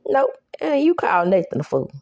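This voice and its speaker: A woman's voice: mid-range voice, huge pitch swings, a little fast, darkish tone, no room sound, highs cut off. A woman recapping a TV episode in a casual, sassy way, laughing often and acting out the characters' lines. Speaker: recap host. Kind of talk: casual show recap with reactions.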